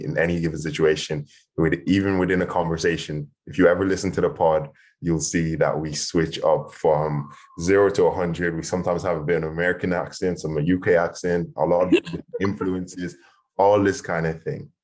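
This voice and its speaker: Very deep-voiced man. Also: a little mellow. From Ireland. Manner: enthusiastic, rambling, many fillers. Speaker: podcast host and panelist. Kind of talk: casual panel discussion.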